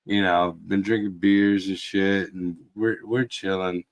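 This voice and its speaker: A middle-aged man telling a casual story, swearing freely, and shouting out quoted lines. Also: low voice, steady tone, a little slow. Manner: profane, laid-back storytelling with shouted quotes. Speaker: podcast host. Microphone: video call.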